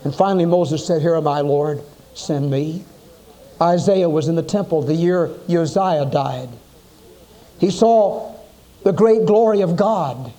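A man's voice: fairly high pitch, unhurried, mellow. A man preaching a sermon, telling Bible stories dramatically and acting out the quoted voices.

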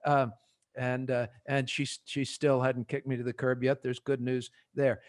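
A man with a New Jersey accent hosting a podcast panel, animated and joking as he prods his guests with quick questions. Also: medium pitch. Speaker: podcast host. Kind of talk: casual panel discussion.

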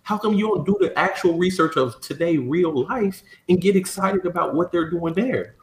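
A man's voice: high-pitched, moderate pace. A man in casual podcast chat, making his point with pointed rhetorical questions. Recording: roomy sound with faint background ambience.

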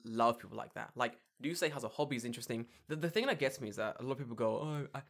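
A man's voice: mid-range voice, very fast. A man in casual podcast chat, telling stories with lots of swearing and mocking voices. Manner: swearing, animated storytelling with mocking put-on voices.

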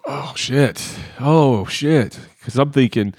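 A man's voice: mid-range voice, slow, a little mellow, no room sound, studio quality. A man in casual comedic chat, joking and laughing often as he acts out silly scenarios.

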